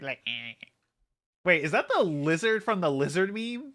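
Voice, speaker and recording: Male streamer, bright crisp voice, rambly filler-heavy chatter, a bit wired. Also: fairly high pitch, lively intonation, moderate pace. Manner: rambling with many fillers, laughs often. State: hyper from an energy drink. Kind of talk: casual livestream chat.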